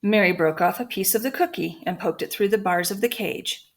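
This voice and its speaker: A woman teacher reading a children's chapter book aloud to her students, clear and expressive. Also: mid-range voice, a little fast. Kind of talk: storybook read-aloud.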